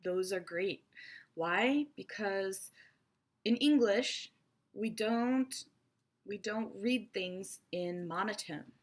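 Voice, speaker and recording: A woman giving an online English lesson in a lively, expressive, playful teacher's voice. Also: mid-range voice, takes it slowly.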